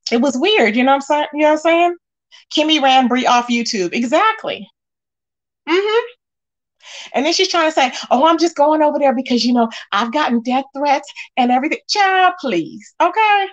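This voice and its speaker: Casting: high-pitched woman host, sassy, scolding gossip commentary. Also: fairly bright tone, lo-fi sound. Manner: sassy, emphatic, scolding asides. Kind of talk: casual gossip commentary reading chat.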